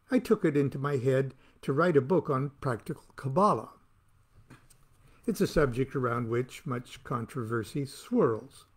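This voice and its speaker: Slow, gravelly man reading wry prose. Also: medium pitch, a little mellow. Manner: wry, theatrical delivery that plays to the listener. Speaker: author reading his own book. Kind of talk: reading aloud from his book.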